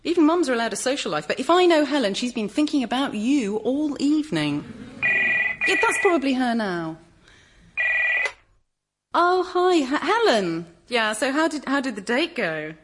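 A woman's voice: high voice, big pitch swings, a little slow, long pauses, slight background noise. Chatty, wordy woman. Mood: chirpy, then flustered. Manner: talkative, formal phrasing, nervous laughs. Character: earnest, chatty, wordy woman, over-careful with her words. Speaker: sitcom character looking after a friend's teenage son. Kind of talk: scripted sitcom acting.

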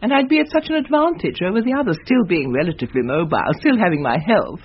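A woman's voice: on the low side, very animated, fast, slightly rough, dull audio. An actress playing a manipulative elderly mother in a radio sitcom, speaking with sweet, self-pitying passive aggression. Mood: martyred. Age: older. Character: manipulative elderly mother, martyred and guilt-tripping.

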